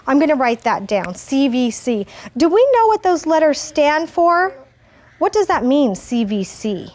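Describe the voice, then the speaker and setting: A woman teaching a first grade phonics lesson, asking gentle questions and stretching out words slowly. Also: high voice, sing-song. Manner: slow, exaggerated word modeling.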